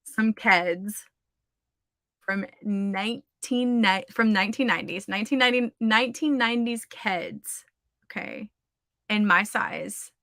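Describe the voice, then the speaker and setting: A woman's voice: mid-range voice, pushed and bright, no echo, clean studio sound. A woman, hosting a livestream of writing sprints in a chatty way and reading out viewer comments. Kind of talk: casual livestream chat.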